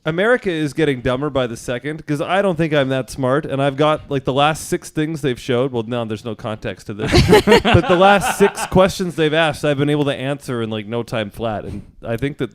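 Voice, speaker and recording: A man's voice: mid-range voice, lively intonation, normal speed, hardly any pauses. A man co-hosting a hockey podcast, full of sarcastic wisecracks. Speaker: podcast co-host. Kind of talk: casual sports chat.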